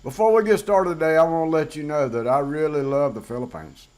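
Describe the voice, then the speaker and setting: A man's voice: fairly high pitch, a little fast, darkish tone. A man with a Southern US accent, a channel host talking frankly and bluntly to camera in a casual monologue. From southern United States. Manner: frank, plain-spoken, blunt.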